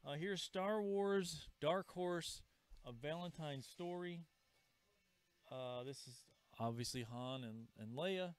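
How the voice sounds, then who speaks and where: A man hosting a live comic shop sale, chatting casually and pitching items with asides. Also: slow pace, clean tone, no room sound. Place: comic store. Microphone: livestream camera mic.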